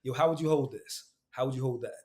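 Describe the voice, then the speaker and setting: A man, a guest who works as an actor and audiobook narrator, talking in a casual, animated podcast chat with slangy, repeated phrases. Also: medium pitch, fast talker. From Queens, New York.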